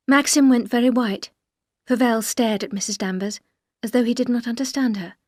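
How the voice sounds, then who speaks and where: A woman reading a story aloud for English learners in a clear, steady, careful way. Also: on the high side, normal speed, no room sound, studio quality. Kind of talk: scripted story narration for learners.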